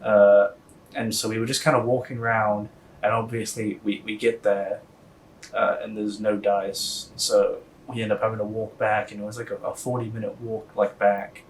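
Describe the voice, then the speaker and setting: A young man telling a story in a casual, deadpan interview, rambling with lots of fillers. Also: fairly low pitch, normal speed, recorded from a distance, a little hiss or hum, poor audio. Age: young adult.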